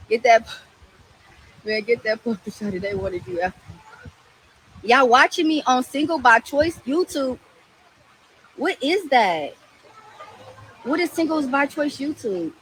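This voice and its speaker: Sassy woman guest, slightly high voice, faint background noise. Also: fairly bright tone, rough recording. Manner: sassy, defensive. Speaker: podcast guest, rapper. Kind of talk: casual live chat. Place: outdoors by a pool.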